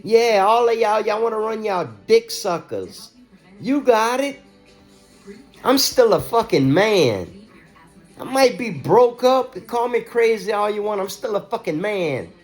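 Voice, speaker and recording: A man's voice: high voice, animated, measured pace, soft background music. A man in an agitated, profane and repetitive rant, talking straight to his viewers. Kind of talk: ranting monologue to camera.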